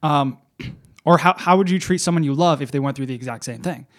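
A man co-hosting a casual self-help podcast, speaking in a reflective, gently reassuring way. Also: a little high, a little fast. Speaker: podcast co-host.

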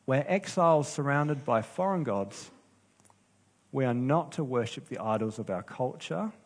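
Husky-voiced man preaching a sermon. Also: mid-range voice. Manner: earnest, unhurried preaching with pauses and restarts. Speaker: pastor.

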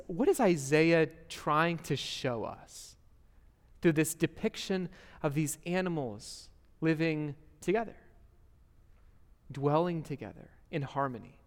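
A young man preaching a sermon in a church, earnest and conversational, asking the listeners questions and restarting phrases as he goes. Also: a little high. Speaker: pastor. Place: church sanctuary. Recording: hall reverb.

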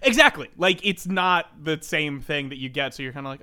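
A man on a podcast with a fairly high, bright and forceful voice, talking emphatically and laughing easily as he picks a film apart. His casual delivery is loose and peppered with swearing. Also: animated, fairly quick, clean tone. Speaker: podcast co-host. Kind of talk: casual chat reviewing a film.

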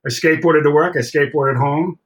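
A middle-aged man telling stories from his past in a casual interview, animated and acting out the voices of people he quotes. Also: fairly high pitch, brisk. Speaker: drummer and podcast guest.

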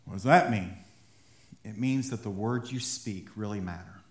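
In a low-leaning voice at normal speed, a male pastor preaches conversationally, performing short quotes and rising to heated emphasis. The sound bounces around an echoey space.

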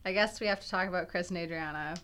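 A woman's voice: fairly low pitch, quick pace, fairly bright tone, slight background noise. A young woman co-hosting a podcast, thinking aloud in casual analytical chat with many fillers and restarts. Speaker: podcast co-host.

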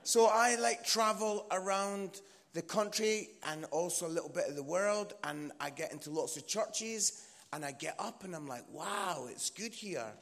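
In a church hall thick with long reverb, a comedian from Edinburgh preaches as a guest, chatty and teasing, with plenty of fillers in his joking sermon. His Scottish-accented voice is high and fairly bright, with vocal fry, at a moderate pace.

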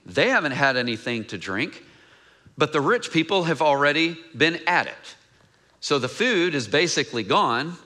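A male pastor delivers a sermon conversationally, posing questions to the congregation. When he reads scripture aloud, his voice becomes quieter and lower.

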